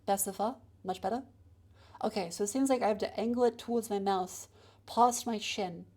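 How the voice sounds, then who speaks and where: A chatty woman streamer talks her way through a microphone test with a handheld mic, moving it nearer and farther from her mouth. Her voice sits at an ordinary middle pitch for a woman, and she narrates each step casually, as if to a live chat. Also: moderate pace, darkish tone, slightly rough. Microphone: handheld mic moved to different distances.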